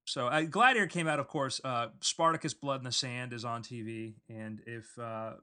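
A man's voice: mid-range voice, moderate pace, sharp tone, smooth. A man co-hosting a podcast, chatting casually and spinning playful, elaborate comic bits. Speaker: podcast co-host. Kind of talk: casual comedic chat.

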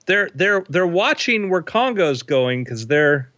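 A man's voice: high voice, sing-song, slow, sharp tone, no echo, lo-fi sound. A man narrating a tabletop game as game master, playful and vivid, with sound effects.

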